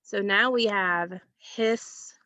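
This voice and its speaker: A woman teacher giving a recorded phonics lesson to children, asking questions and pausing patiently for answers. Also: medium pitch, expressive, vocal fry, a bit bright, dry recording. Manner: slow, patient, asks questions and pauses for answers.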